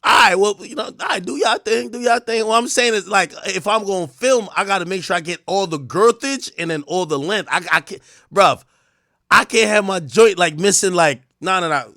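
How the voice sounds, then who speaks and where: A man streaming live, telling crude stories in a casual way, acting out the dialogue and breaking into loud shouts. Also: sits high, normal speed, dry recording, clean studio sound. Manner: animated, crude storytelling that acts out dialogue. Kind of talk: casual livestream commentary.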